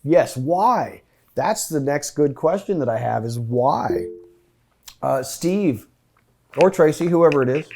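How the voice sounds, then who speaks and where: A man's voice: a little high, lively intonation, takes it slowly, creaky, mellow, slight background noise. Man leading an interactive Bible study. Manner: questioning, inviting, thinks aloud. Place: meeting room with online participants.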